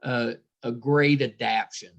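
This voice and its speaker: A man hosting a podcast interview who mostly adds short agreeing remarks and asks relaxed questions. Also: medium pitch, unhurried, highs cut off. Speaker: podcast host. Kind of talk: casual interview.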